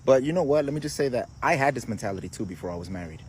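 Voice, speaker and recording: A married man answering a viewer comment in a sarcastic, animated way. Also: mid-range voice, rapid-fire, slight background noise. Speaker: married vlogger. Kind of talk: response video to a comment.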